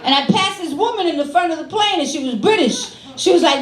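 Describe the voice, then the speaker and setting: Brassy high-voiced New York woman comic. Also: fast, hardly any pauses. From Brooklyn, New York. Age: 50s. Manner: brassy, animated, sassy street-talk delivery. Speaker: stand-up comedian. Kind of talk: stand-up comedy set. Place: comedy club stage with a live audience. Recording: echoey club room with crowd laughter.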